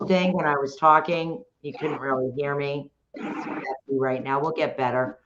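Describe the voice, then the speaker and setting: A talkative woman hosting a casual chat, a former dog trainer who calls herself a loudmouth, rambling in an animated way. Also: low-pitched, a little slow. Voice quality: loud, talkative. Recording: dull lo-fi sound, faint noise.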